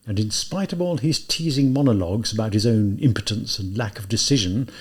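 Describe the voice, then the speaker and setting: A man reading a classic novel aloud as an audiobook, in measured, deliberate narration. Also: mid-range voice, a little mellow, husky. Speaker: audiobook reader. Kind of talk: scripted narration.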